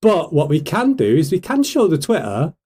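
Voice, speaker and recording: A British man hosting a casual livestream, talking fast and hyped and firing questions at his chat. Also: a little high, huge pitch swings, warm tone, husky. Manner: hyped, rhetorical, keeps asking the chat questions. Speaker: livestream host.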